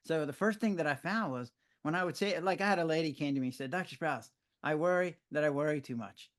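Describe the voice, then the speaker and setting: An older man with a somewhat high voice talks in a relaxed interview. He tells lively stories and acts out his own surprised reactions. He explains with the ease of a physician who has said this many times. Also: fast talker. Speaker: physician guest. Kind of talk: conversational interview.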